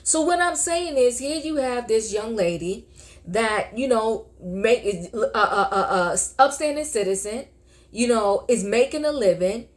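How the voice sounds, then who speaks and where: A woman's voice: on the high side, a little slow. An older woman hosting her own vlog, giving casual commentary in an emphatic, chatty way and repeating her key points. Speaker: vlogger.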